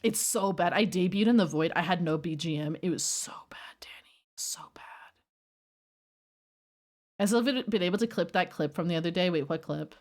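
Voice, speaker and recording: A woman's voice: on the low side, quick pace, few pauses. A woman streamer chatting casually and rambling while reacting to her chat. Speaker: livestreamer.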